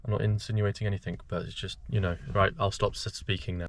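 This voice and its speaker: A man's voice: on the low side, fast talker, hardly any pauses, dry recording. A young man rambling chattily and mocking himself as he vlogs his travels around a town and from behind the wheel. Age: young adult. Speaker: travel vlogger. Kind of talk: casual travel vlog. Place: outdoors around a town and driving a car. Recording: noisy outdoor camera audio. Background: street ambience and vehicle noise.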